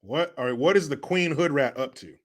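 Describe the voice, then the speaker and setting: A man's voice: a little high, a little fast. A man hosting a casual livestream, loose and joking as he reads chat messages aloud. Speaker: livestream host.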